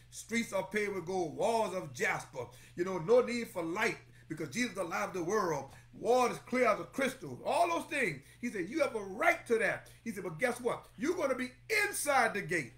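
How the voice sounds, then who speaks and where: A man's voice: sits high, sing-song, fairly quick, hardly any pauses, fairly bright tone. A man preaching a fervent sermon as pastor, repeating phrases and calling on members of his congregation by name.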